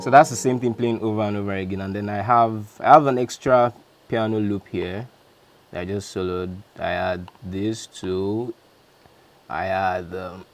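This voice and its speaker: A man's voice: fairly low pitch, a little mellow. A man, a music producer, casually walking through how he built a beat, talking loosely and correcting himself as he goes. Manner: chatty, loose, self-correcting. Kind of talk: casual beat breakdown walkthrough.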